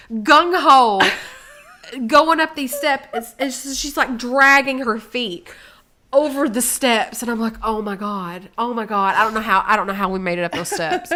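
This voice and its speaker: A woman co-hosting a casual chat, telling a story with lively acted-out quotes that rise in volume. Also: on the high side. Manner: animated, acts out quotes with rising volume. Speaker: co-host.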